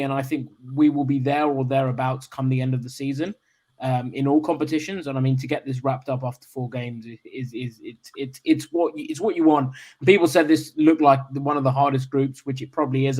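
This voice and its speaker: A man's voice: medium pitch, darkish tone. A man football fan giving upbeat, confident post-match reaction with a rambling flow.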